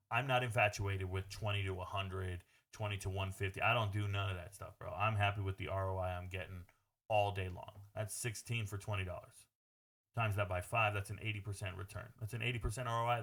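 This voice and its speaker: A man's voice: on the low side, a bit bright. A man talking through his sports betting picks in a casual, brash monologue, blunt and swearing freely as he addresses viewers as "bro.".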